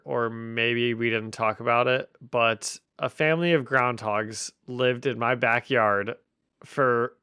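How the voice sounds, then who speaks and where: A male podcast co-host chatting casually and retelling stories with lots of laughter. His voice is bright and crisp. He is recorded close and dry. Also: medium pitch, no room sound. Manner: animated storyteller who laughs often.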